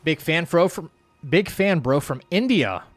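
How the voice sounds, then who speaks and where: A man's voice: a little high, expressive, unhurried. A man streaming a game live, chatting casually with his viewers and reading their messages aloud in a loose, rambling way full of fillers and restarts. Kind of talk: casual live-stream chat while playing.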